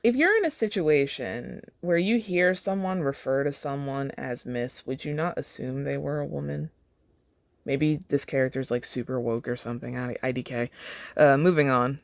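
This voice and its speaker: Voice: medium pitch, normal speed, gravelly, no echo, clean studio sound. A podcast host reading fan fiction aloud and breaking off for wry, chatty commentary. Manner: wry, chatty asides with laughs.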